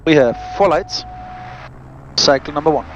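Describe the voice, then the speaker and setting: Sitting in a small aircraft cockpit, a pilot who hosts a vlog crisply reads out checklists and adds friendly asides to his viewers. His voice is a little high and his speed normal, while the audio has its highs cut off and a noisy background.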